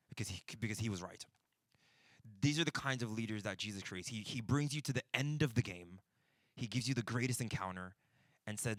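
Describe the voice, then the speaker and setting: A man's voice: lowish voice, animated, fairly quick, no echo, studio quality. A man giving a conversational church leadership talk, telling stories with frequent restarts and bursts of intensity. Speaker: pastor teaching a breakout session. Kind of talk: conversational sermon teaching.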